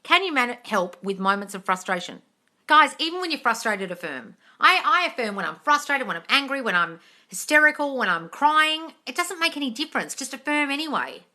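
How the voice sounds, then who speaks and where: A woman's voice: sits high, very animated, brisk, bright, forceful tone. A woman answering chat questions on a live stream, blunt and sweary, calling her viewers darling. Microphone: phone on a live stream.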